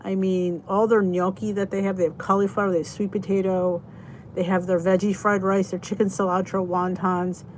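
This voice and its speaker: This live stream host talks at a moderate pace in a slightly mellow, mid-pitched voice with little pitch movement. Her chat is rambling and easygoing, broken up by greetings to her viewers, over a faint hum of noise.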